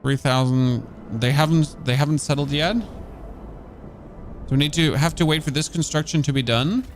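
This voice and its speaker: Streaming a game, a man from Germany talks to his chat and thinks aloud in a relaxed commentary. He has a German accent and a fairly high-pitched voice, and a slight hiss or hum runs through the audio.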